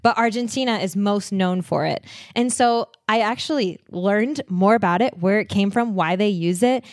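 A woman talking in an enthusiastic, chatty way as a podcast guest, with frequent laughter. Her voice sits at an ordinary middle pitch. It is recorded close and dry. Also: normal speed, a little mellow, dry recording. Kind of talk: casual travel chat.

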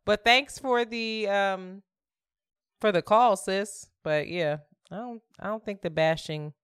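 A woman's voice: mid-range voice, slow, clean tone, no echo, studio quality. A woman co-hosting a podcast, candid and reflective in casual chat, laughing easily. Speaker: podcast co-host.

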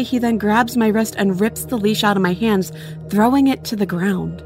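A woman's voice: on the high side, normal speed, darkish tone, faint music behind. Woman narrating a true story, earnestly. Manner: earnest, conversational retelling with small restarts. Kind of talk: first-person storytelling narration.

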